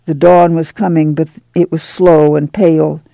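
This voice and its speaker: A man narrating an audiobook at a steady, measured pace. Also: a little high, gravelly, dry recording, rough recording.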